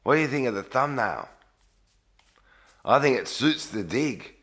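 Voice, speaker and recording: A man live-streaming a game early in the morning from a garage, talking quietly and sleepily while reading out chat. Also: medium pitch, sing-song, a little slow. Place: garage with echo.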